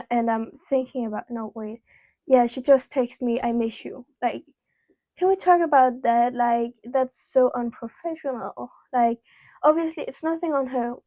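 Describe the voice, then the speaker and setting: A woman's voice: high-pitched, a little mellow, no room sound, rough recording. A teenage girl telling a personal story to camera in a candid, rambling way, full of "like" and casual swearing. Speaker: vlogger. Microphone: small clip-on mic.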